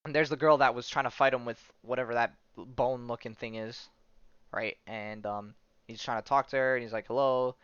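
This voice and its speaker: A man's voice: mid-range voice, steady tone, fairly quick, a bit bright, clear, resonant tone, dry recording, highs cut off. A man hosting a casual podcast, talking loosely with lots of fillers, tag questions and swearing as he retells a story. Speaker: podcast host.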